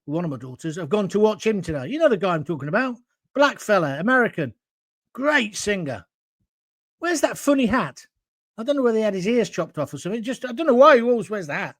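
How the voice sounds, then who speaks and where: A man's voice: sits high, big pitch swings, brisk, dry recording, studio quality. A middle-aged man, hosting a live-stream and ranting bluntly while reading viewer comments at home. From England. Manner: blunt, combative, ranting, jokey asides. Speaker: host of a live-stream show. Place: at home, alone.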